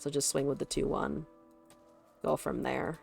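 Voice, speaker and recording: A woman's voice: a bass voice, steady tone, a little slow, creaky, darkish tone, faint music behind. A woman streaming a card game, chatting casually, swearing and laughing as she plays. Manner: chatty, swears, laughs often, talks to chat. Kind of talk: casual gameplay commentary.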